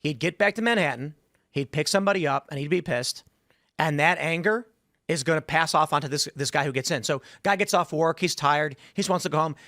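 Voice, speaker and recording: A man with a slightly higher voice tells a long, casual story on a podcast. He acts out each person he quotes, and the sound is dry and close. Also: a little fast, pushed and bright, no room sound. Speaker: podcast host telling a story. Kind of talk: casual anecdote in a played clip.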